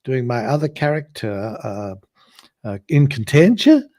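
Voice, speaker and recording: A man's voice: medium pitch, big pitch swings, measured pace, mellow. A man hosting a casual podcast chat, hesitant and filler-heavy. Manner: hesitant, with many fillers and frequent laughs. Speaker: host.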